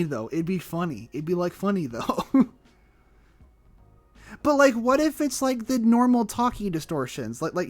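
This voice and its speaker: Excitable high-voiced male streamer. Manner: excitable and rambling, laughs, swears casually. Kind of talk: casual live-stream chat while playing a game. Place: at home. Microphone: desk microphone. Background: faint chill background music.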